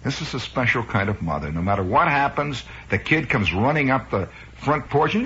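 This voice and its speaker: A man's voice: medium pitch, very animated, brisk, pushed and bright, a little hiss or hum. A man in his forties from Chicago, a radio host rambling through a wry, improvised comic monologue. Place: radio studio. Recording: muffled 1960s radio broadcast.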